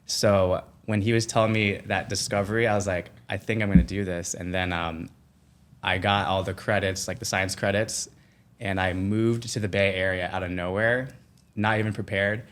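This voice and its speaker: A man guesting on a podcast, telling a personal story in a casual, animated way, full of "like" fillers and acted-out quotes. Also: deep voice, normal speed. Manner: animated, acts out quoted voices, many "like" fillers.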